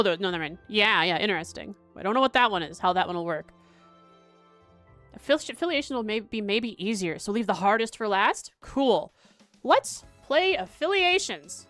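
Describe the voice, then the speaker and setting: A young woman livestreaming as she plays a quiz, chatting casually and thinking aloud with halting restarts. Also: medium pitch, fairly bright tone. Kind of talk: casual livestream chat while playing a quiz.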